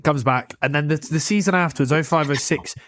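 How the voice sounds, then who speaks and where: A man's voice: fairly high pitch, fairly bright tone, no echo, clean studio sound. A young man, chatting about football as a podcast co-host, passionate and tumbling over his own words. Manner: passionate, rapid, many restarts. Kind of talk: casual football chat.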